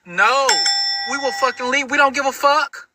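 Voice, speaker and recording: A man's voice: very high-pitched, moderate pace, noisy background. A man ranting to camera in a profane, defiant, emphatic way. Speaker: social media commentator.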